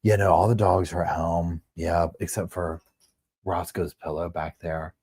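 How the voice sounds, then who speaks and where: A man hosting a casual livestream, chatting to viewers in a quiet, hushed voice at home on a wireless microphone. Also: sits low, flat delivery, measured pace, husky, no echo. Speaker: livestream host. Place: at home with neighbors next door.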